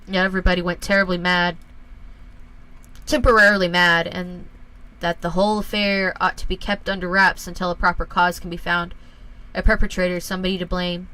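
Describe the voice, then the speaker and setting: A woman voicing a stern middle-aged father who speaks gravely and deliberately, lecturing his son. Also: fairly low pitch, little pitch movement, sharp tone, low-quality recording.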